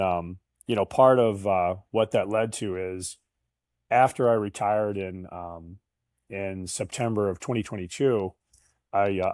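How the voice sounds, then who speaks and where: A man's voice: on the low side, darkish tone, no echo, clean studio sound. A man in his fifties, a guest in an interview, telling chatty anecdotes with frequent laughs and restarts. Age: 50s. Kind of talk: casual interview storytelling.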